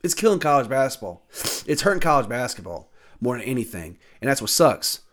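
A man in his thirties ranting alone about college sports, swearing often, irritated and heated, with sudden loud outbursts. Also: mid-range voice, sing-song, brisk. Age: 30s. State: annoyed. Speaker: sports talk host. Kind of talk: solo sports rant.

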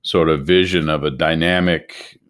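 A male interviewer asking measured questions and summing up what his guest has said. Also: rumbling low, fairly even intonation, fairly bright tone, clear, resonant tone. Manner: measured, paraphrasing the guest's points.

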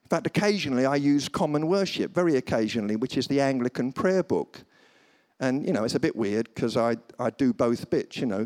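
A man's voice: medium pitch, brisk. A man preaching a humorous sermon at a church service, telling stories and slipping into comic voices. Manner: animated storytelling, slips into comic voices. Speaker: guest preacher. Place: church service before a congregation.

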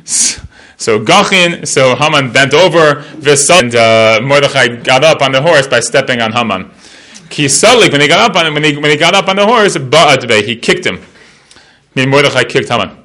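Chatty man teaching Talmud, bright voice. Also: medium pitch, lively intonation, moderate pace. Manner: translates Aramaic line by line, chatty with many fillers. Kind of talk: casual Talmud study class.

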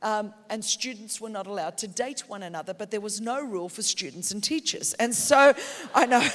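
An Australian woman preaching a sermon, telling stories with passion and breaking into shouts. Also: mid-range voice, moderate pace. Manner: passionate, storytelling, bursts into shouts. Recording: long hall reverb in a big venue.

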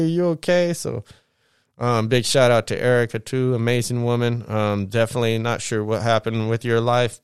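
A man's voice: mid-range voice, smooth, dry recording, clean studio sound. A young American man talking in a rambling, casual monologue, heavy with slang and swearing. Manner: rambling, profane, slangy street talk. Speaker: vlogger.

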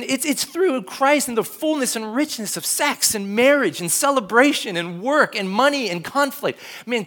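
A man's voice: very high-pitched, fairly bright tone. A man in his thirties preaching a conversational sermon, acting out quoted voices with lots of fillers. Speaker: pastor.

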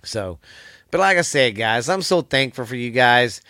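A man's voice: mid-range voice, animated, moderate pace, pushed and bright, dry recording. A man with a Texan accent hosting his own podcast from a home studio, talking in a rambling, folksy, profane way. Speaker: podcast host. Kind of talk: casual solo podcast chat. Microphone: studio mic, seen on camera.

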